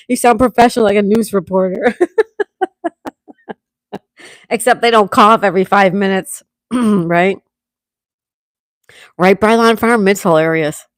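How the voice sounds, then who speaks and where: A congested woman hosting a relaxed livestream at home, chatting and reading out viewers' comments. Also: mid-range voice, takes it slowly, long pauses, dry recording. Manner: relaxed, chatty, laughs often. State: congested, coughing. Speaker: livestream host.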